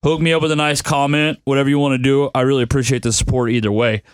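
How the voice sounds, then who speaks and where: A man's voice: mid-range voice, level tone, fast talker, clear, resonant tone, dry recording. A young man hosting a casual sports-betting podcast, laid-back and grumbling that he is tired. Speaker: podcast host picking football bets.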